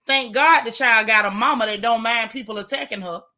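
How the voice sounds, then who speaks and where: Fired-up woman doing a live stream, bright punchy voice, repeats herself for emphasis. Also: fairly high pitch, a little fast. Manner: animated, outspoken, emphatic repetition. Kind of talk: casual live-stream commentary reading chat.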